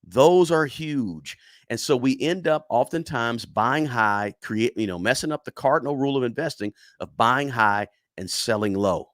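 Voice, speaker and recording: A middle-aged man teaches on a casual livestream, leaning on repetition and checking in with "right?" as he goes. His voice sits at an ordinary middle pitch. The sound is dry and close, with no room echo. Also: expressive, moderate pace, few pauses, fairly bright tone. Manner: repetitive, emphatic, tags lines with "right?"; chatty and encouraging toward viewers. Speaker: livestream host teaching investing. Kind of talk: casual livestream lesson, reading chat.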